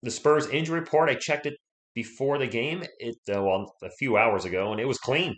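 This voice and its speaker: A man chats loosely through a sports livestream, rambling from topic to topic and greeting viewers by name. His voice sits at a middle pitch and sounds a little worn as he gets over being sick. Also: fairly quick, a bit bright. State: voice recovering from illness. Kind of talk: casual livestream chat.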